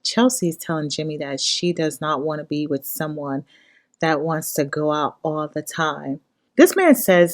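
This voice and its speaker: Blunt, animated woman reviewer. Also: deep voice, measured pace. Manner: blunt, animated, talks straight to the cast. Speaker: reality show reviewer. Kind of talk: casual commentary on a reality show.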